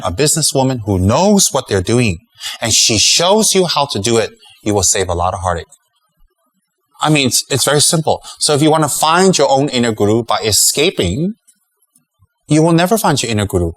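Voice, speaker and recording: A man's voice: mid-range voice, very animated, brisk, a bit bright, poor audio. A middle-aged man giving a Dharma talk as a Buddhist teacher, emphatic and rhetorical, chuckling at his own jokes.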